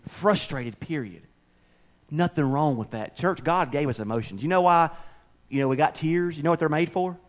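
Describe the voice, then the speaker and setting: A man preaching a sermon, folksy and conversational, swinging between loud preaching and soft, near-whispered asides. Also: mid-range voice. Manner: folksy, conversational, with slips and restarts. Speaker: pastor.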